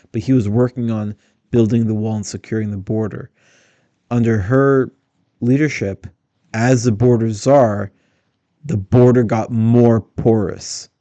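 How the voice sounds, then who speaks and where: A man's voice: medium pitch, mellow, no echo. A man giving blunt, critical casual commentary on interview clips. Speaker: political commentator.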